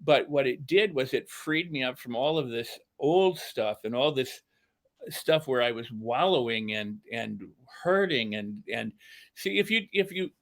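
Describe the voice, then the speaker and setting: A man's voice: mid-range voice, animated, measured pace, fairly bright tone. An older man, a self-help speaker, earnestly telling a personal story as a podcast guest, repeating phrases for emphasis. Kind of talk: candid storytelling.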